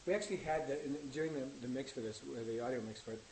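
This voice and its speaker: A man's voice: medium pitch, rapid-fire, a crowd in the background, low-quality recording. A man, the episode's director, chatting easily on a commentary and explaining how they work. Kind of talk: casual commentary chat.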